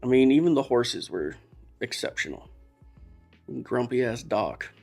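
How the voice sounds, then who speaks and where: A man's voice: mid-range voice, sing-song, measured pace, vocal fry, darkish tone, soft background music. A man, possibly, telling a personal story in a candid, emotional way, rambling and restarting as he talks. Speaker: podcast guest. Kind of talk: casual storytelling.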